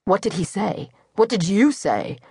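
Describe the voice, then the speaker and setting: A woman's voice: medium pitch, very animated, a little slow, mellow, husky, dry recording, heavily acted. Woman voicing a teasing, theatrical brother. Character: adult man, joking dramatic twin brother. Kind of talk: audiobook character voice. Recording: dry studio.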